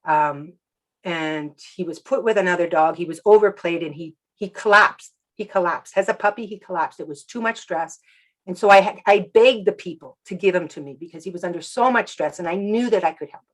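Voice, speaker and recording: A woman who works as an animal communicator, sharing a personal story softly and reflectively in an interview. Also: fairly low pitch, a little fast, low-quality recording.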